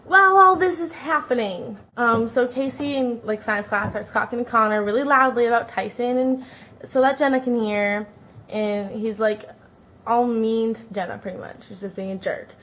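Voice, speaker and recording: A woman's voice: fairly high pitch, moderate pace, pushed and bright, slight background noise, low-quality recording. A woman from California giving a chatty, casual recap of a TV episode, leaning on "like" as she retells the dialogue. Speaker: vlogger.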